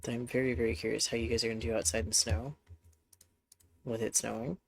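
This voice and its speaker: Guy streaming a horse game, stuffy nose, just rambling and chatting to his horses, middle pitch. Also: level tone, brisk, creaky, husky. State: congested. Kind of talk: casual gameplay commentary.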